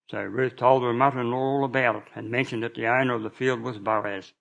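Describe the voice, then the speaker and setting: Gravelly-voiced man reading a Bible story. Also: medium pitch, fairly even intonation, fairly quick, few pauses, a bit bright. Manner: plain reading with small restarts, mild voice shifts for quoted figures. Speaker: reader.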